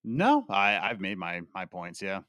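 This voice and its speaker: A man's voice: deep voice, wildly swooping pitch, unhurried, a bit bright, slight background noise. A middle-aged man co-hosting a podcast, giving short, laid-back replies in casual chat. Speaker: podcast co-host.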